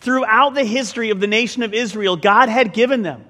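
A man preaching a sermon in an animated, conversational way, mixing scripture with joking asides. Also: sits high, brisk, long reverb tail. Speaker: pastor.

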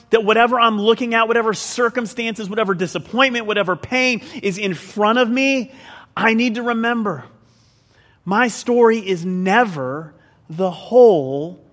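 A man preaching a sermon in an animated, conversational way, mixing scripture with joking asides. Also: very high-pitched, big-room sound. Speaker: pastor.

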